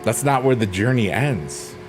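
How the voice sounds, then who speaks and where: A man hosting a relaxed livestream, chatting playfully and reading out messages from his viewers. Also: medium pitch, a little slow. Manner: playful, silly, rambling, reads chat aloud. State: drained. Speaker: livestream host. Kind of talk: casual chat with live chat readers. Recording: faint piano music underneath.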